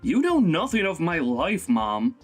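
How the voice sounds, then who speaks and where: A man's voice: a little high, huge pitch swings, a little slow, faint music behind, full character voice. A man voicing a young husband who angrily scolds his own mother in a dramatized text-message story. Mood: exasperated. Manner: scolding, exasperated.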